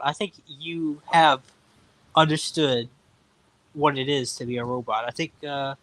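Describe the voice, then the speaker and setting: A man chatting casually about books and films, animated and jokey, swearing now and then. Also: a little high, measured pace. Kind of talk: casual chat.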